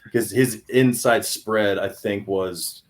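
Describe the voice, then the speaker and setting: A young adult man telling a hunting story on a podcast in an excited, animated way, with many restarts. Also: fairly low pitch, takes it slowly. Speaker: podcast guest. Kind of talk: casual storytelling.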